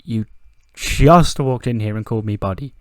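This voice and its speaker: A man's voice: mid-range voice, normal speed, dry recording, clean studio sound, natural voice. A man putting on a weary, curt young male wrestler who sighs, in his own voice. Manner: sighing, curt.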